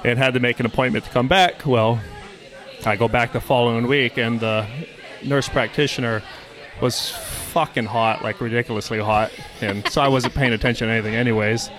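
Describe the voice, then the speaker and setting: A man in his forties telling a story in a casual podcast chat, animated and profane, acting out the voices he quotes. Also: medium pitch, brisk, a faint crowd. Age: 40s. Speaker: guest storyteller.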